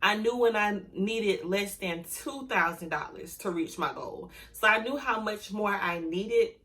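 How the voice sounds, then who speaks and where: A woman running an online business, talking to camera casually, heartfelt and grateful, emotional and close to tears, speaking warmly to her viewers. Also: mid-range voice. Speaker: online business owner and YouTuber.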